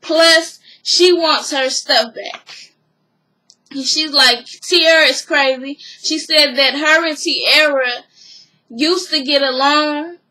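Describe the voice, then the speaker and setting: A woman with a high, bright voice talks through a reality TV episode in a loose, casual recap. She rambles, padding her lines with "you know" and "or whatever" as she goes. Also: slow, low-quality recording.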